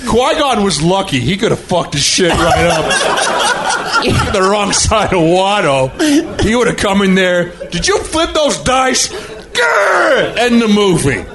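A man's voice: sits high, very animated, takes it slowly, heavily acted. A man doing a giggling comedy impression of an older filmmaker, rambling and breaking character on a noisy podcast. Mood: giggly rambling.

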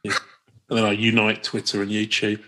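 A man in his forties co-hosts a podcast in a relaxed, meandering way, full of ums and asides. His voice sits on the low side. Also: fairly quick. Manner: rambling, jokey, trails off with ums. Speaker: podcast co-host. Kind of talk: casual chat.

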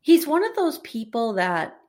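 A woman co-hosting a podcast, recapping a TV episode in casual chat, wry and animated, laughing often. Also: on the high side, measured pace. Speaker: podcast co-host.

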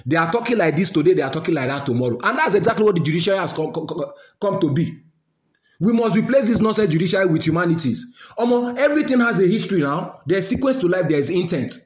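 A man's voice: high voice, lively intonation, fast talker, reverberant. A man with a Nigerian accent delivering an angry, scolding rant, slipping into Pidgin phrases.

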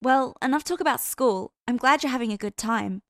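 Woman putting on a bubbly college girl, high and loud, playful, sing-song, dry audiobook sound. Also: a little fast, no room sound, natural voice. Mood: teasing.

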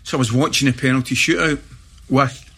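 Husky middle-aged Scottish man telling stories. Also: medium pitch, fairly quick. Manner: animated anecdotes with laughter and acted-out shouts. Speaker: guest. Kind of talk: storytelling in casual chat.

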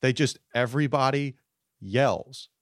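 Relaxed, swearing podcast host, a man. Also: mid-range voice, a little slow, no echo, clean studio sound. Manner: loose and profane, trails off quietly. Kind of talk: casual podcast chat.

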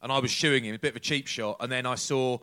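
Fast-talking man sharing anecdotes. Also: medium pitch, fairly even intonation, bright, forceful tone. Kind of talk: casual chat.

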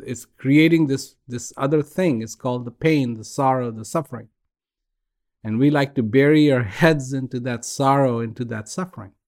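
A man giving a calm, reflective talk, gently telling a joke and repeating phrases as he goes. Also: medium pitch, moderate pace.

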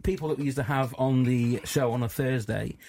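A man's voice: mid-range voice, fairly quick, darkish tone, a little hiss or hum. A man co-hosting a comedy radio show, talking with many hesitations. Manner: hesitant, lots of ums. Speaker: radio co-host.

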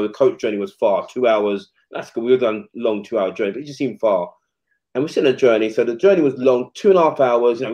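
A man, a retired footballer telling stories in a casual, slangy interview and acting out quoted exchanges. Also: mid-range voice. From England. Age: 40s. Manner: animated, slangy, acts out quotes. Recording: slightly muffled podcast audio.

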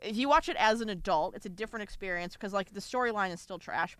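A woman's voice: mid-range voice, fast, fairly bright tone, clear, resonant tone, no room sound. A woman co-hosting a podcast in casual chat, blunt and swearing, going over her notes. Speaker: podcast co-host.

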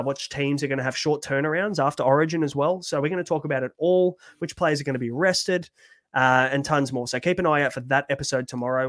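A man's voice: mid-range voice, fairly bright tone, no room sound. A man co-hosting a fantasy sports podcast, chatty and upbeat with many fillers. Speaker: podcast co-host. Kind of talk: casual fantasy sports chat.

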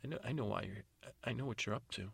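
A man's voice: on the low side, fast talker, vocal fry, fairly bright tone, slightly rough, no room sound, heavily acted. A man voicing a blunt, suspicious stepmother who questions curtly. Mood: demanding. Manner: curt, demanding.

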